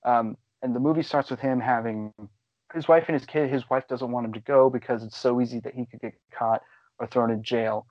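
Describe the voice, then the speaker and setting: Man, podcast co-host, casual movie chat, rambling, excitable, swears, slightly dull lo-fi sound, dry close mic. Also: medium pitch, a little fast, no echo.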